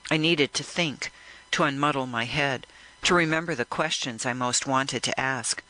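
A man narrating a first-person audiobook in a measured, reflective way. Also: medium pitch, sharp tone, rough recording.

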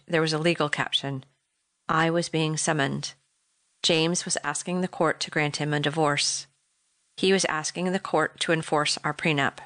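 Middle-aged woman, measured and reflective memoir reader, deep voice, dry studio sound. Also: a bit bright, no echo. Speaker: narrator. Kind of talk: audiobook memoir narration.

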